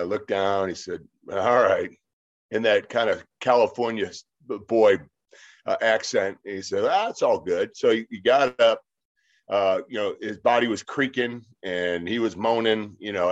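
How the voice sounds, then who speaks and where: A man in his fifties, an interview guest, telling long rambling stories with lots of fillers. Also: lowish voice. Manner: rambling anecdotes with many fillers. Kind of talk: casual storytelling. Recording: slightly dull lo-fi sound.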